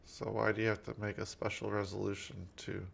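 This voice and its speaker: A tired man co-hosting a casual chat, reading out poll results in a sleepy-sounding, gravelly voice. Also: on the low side, level tone, brisk, a bit bright, slight background noise.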